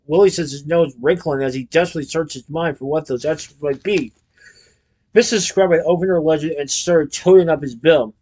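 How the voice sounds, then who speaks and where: A man's voice: a little high, fairly quick. Man reading a storybook. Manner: lively, expressive. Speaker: narrator.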